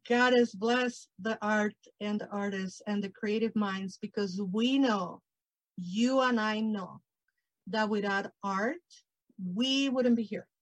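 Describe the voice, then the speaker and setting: A woman giving a passionate, expressive presentation over a video call. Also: mid-range voice, dry recording, low-quality recording. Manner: passionate, expressive, grows emotional. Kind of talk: heartfelt virtual presentation.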